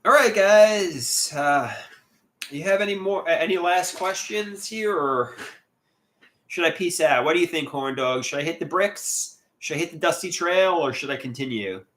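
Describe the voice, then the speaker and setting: A man's voice: on the high side, expressive, normal speed, fairly bright tone. A man hosting a casual livestream, reading viewer comments aloud and answering them, often repeating words and restarting as he goes. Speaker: livestream host.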